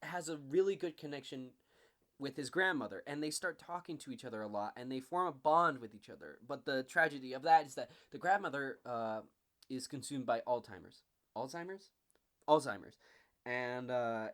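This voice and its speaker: A man in his twenties giving a casual, animated book review, swearing often and acting out the characters' lines. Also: mid-range voice, brisk. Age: 20s. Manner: animated, profane, frequent "like" fillers, acts out characters.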